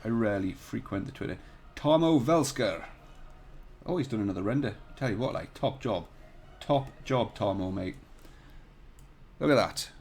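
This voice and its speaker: This man has a lowish, darkish voice with lively intonation and a moderate pace, over slight background noise. As host of a live CAD tutorial from a hotel room, he jokes casually with viewers and occasionally swears. His desk mic has no pop filter or shock mount.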